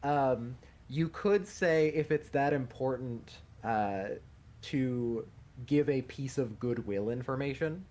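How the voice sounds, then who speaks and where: A man's voice: medium pitch, slow, a little mellow. A man playing a tabletop game, offering suggestions hesitantly with stammers and restarts. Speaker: player.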